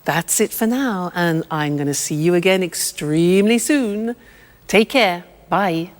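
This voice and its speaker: A woman teaching English vocabulary slowly and clearly, explaining step by step with examples. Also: fairly low pitch, long reverb tail. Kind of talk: slow, clear language lesson.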